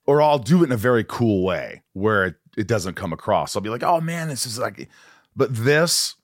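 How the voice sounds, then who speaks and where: A man's voice: lowish voice, animated, dry recording, clean studio sound. Rambling, joking middle-aged male host. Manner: rambling, self-mocking, quick jokes. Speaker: podcast host. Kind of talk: casual interview chat.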